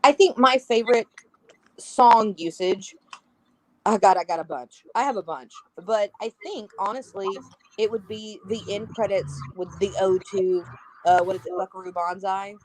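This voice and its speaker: Chatting on a podcast as a guest, a woman goes over a film's scenes and lively acts out what the characters say. Her voice is medium in pitch and her pace moderate. The audio is poor.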